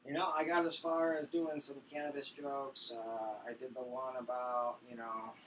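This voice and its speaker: A man's voice: medium pitch, little pitch movement, normal speed. A man doing a stand-up set on a small stage, telling crude stories in a rambling way. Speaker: stand-up comic. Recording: far from mic, faint noise.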